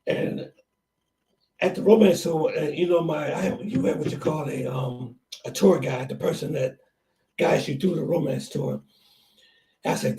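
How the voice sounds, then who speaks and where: A man's voice: on the high side, a little slow, dark tone, distant mic. A man hosting a casual podcast chat, telling stories in a rambling, hesitant way. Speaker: channel host.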